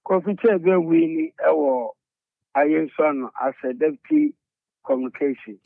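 A man's voice: a little high, sing-song, unhurried, creaky, dry recording. A man calling a radio show, reciting a list of party appointments. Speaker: caller. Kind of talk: political phone-in call. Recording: tinny phone line.

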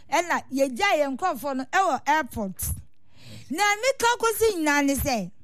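A woman's voice: sits high, no room sound. A woman with a Ghanaian accent, a football supporters' union leader, giving earnest, complaining interview answers. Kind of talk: interview answers, mixing Twi and English.

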